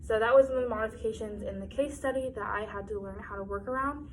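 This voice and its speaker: A teenage girl giving a demonstration reading lesson to young children, slowly sounding out letters, and then explaining how she taught it. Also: a little high, a little hiss or hum, poor audio. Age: teens. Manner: slow and sing-song, sounding out letters. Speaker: student presenting a teaching demonstration. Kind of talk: teacher talk to young children, then reflection.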